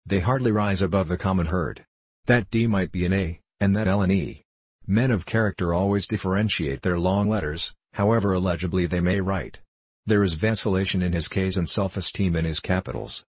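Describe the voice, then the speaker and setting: A man reading the part of a cool, reasoning detective, with a precise, measured, detached delivery. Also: low-pitched, husky, dry recording. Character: cool, reasoning male detective, middle-aged.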